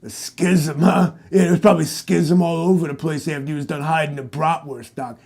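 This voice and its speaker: A man voicing a brash, loud tough-guy cop who talks in a cocky, bullying way and keeps calling the other man "Doc". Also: on the high side, fairly even intonation, a little fast, creaky. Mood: mocking.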